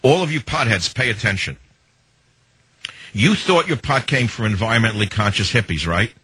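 Raspy radio host guy ranting, sarcastic, pitch jumping all over. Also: expressive, normal speed, bright, forceful tone, no room sound. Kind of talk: political talk radio monologue.

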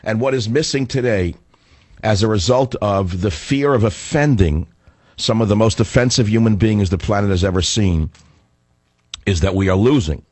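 A low-voiced man rants sarcastically into a studio microphone, hosting his own talk radio show. He is still recovering from the flu and carries a cough. The sound is close and dry, with no room around it. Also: moderate pace, a little mellow, no room sound. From northern United States. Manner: combative, ranting, sarcastic. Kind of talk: opinionated talk radio monologue.

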